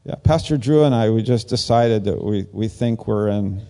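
Speaking at a normal pace, a man preaches a casual sermon as pastor, animated and prone to rambling. He leaps higher in pitch to perform the lines he quotes.

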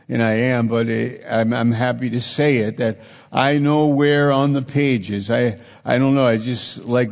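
A man's voice: medium pitch, gravelly, darkish tone, long reverb tail. A man preaching a sermon, with repetitive, emphatic phrasing.

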